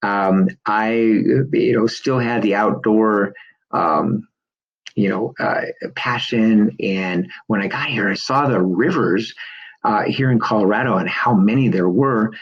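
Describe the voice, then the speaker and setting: A middle-aged man with a lowish voice tells a story at an easy pace, filling gaps with "uh" and small laughs. The recording sounds muffled and dull. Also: takes it slowly, breathy edge. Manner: relaxed storytelling with frequent fillers and chuckles. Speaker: business coach. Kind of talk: personal story and pitch to camera.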